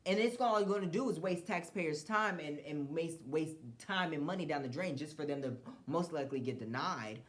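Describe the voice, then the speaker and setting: A man's voice: fairly high pitch, normal speed, few pauses. A man from the United States hosting a solo podcast, giving blunt, profane commentary with frequent restarts. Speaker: podcast host.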